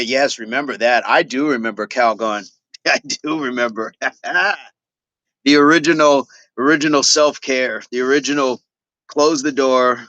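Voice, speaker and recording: This middle-aged fitness livestream host has a medium-pitched voice that sounds pushed and bright, and he's unhurried. With no echo on the recording, he chats casually and repeats affirmations as he reads viewer comments.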